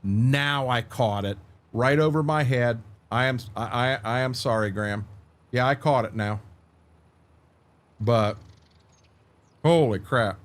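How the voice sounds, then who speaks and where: A man's voice: mid-range voice, slow pace, pauses often. An older American man streaming a game and telling salty army stories in a casual, profane way. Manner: profane, animated war-story telling.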